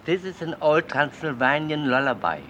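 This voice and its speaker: An insistent old-world emissary. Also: male voice, fairly high pitch, sing-song, normal speed, pushed and bright, slight background noise, rough recording. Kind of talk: film dialogue.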